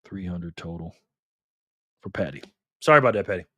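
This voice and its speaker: A man's voice: sits low, animated, fairly quick, a bit bright, no echo. A man hosting a casual livestream, chatting and laughing as he reads viewer comments aloud. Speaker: livestream host.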